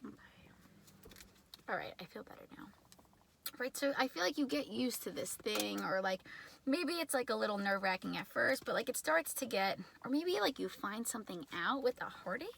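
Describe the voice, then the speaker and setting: A young adult woman giving a casual tarot reading indoors, excitable and chatty, shaky and nervous. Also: a little high, normal speed, gravelly, a little hiss or hum. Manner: excitable, chatty, many filler words. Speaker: tarot reader.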